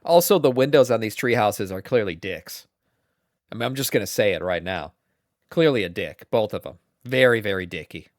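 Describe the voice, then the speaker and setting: A man's voice: fairly low pitch, expressive, moderate pace, dry recording, clean studio sound. A man streamer giving casual reaction commentary, crude, joking and offhand.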